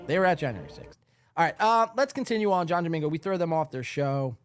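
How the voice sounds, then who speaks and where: A man's voice: a little high, lively intonation, fast talker, clean tone, no echo, clean studio sound, faint music behind. A man hosting a live podcast, rambling casually and laughing as he reads the chat aloud, worn out after a long stream. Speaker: podcast host. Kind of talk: casual livestream commentary.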